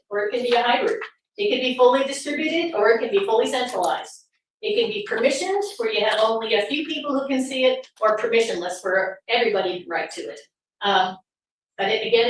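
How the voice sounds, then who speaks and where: A woman giving a presentation to an audience, sarcastic and full of rhetorical questions. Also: a little high. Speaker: speaker at a political summit. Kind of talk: presentation talk. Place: meeting room with audience. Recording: very echoey room from far off, faint noise.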